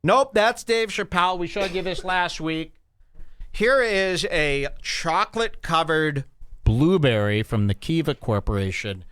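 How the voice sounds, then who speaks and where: A man talks in a casual, mocking way, his pitch swinging up and down as he reacts to clips. His voice sounds close and dry, with no room around it. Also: a little slow, clear, resonant tone, no echo. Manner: animated, mocking, jumps between loud and quiet. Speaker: podcast host reacting to clips. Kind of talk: casual commentary.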